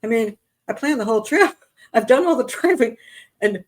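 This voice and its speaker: A woman's voice: a little high, brisk. A middle-aged woman hosting an advice show, retelling a personal story in a casual, exasperated way with many restarts. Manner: animated, exasperated retelling with self-interruptions.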